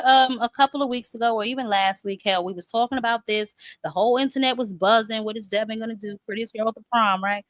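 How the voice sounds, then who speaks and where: A woman's voice: on the high side, quick pace, hardly any pauses, no room sound, rough recording. A woman hosting a boxing talk show in a casual live-stream chat, sassy and chatty, calling viewers "honey" and "child" and greeting them by name.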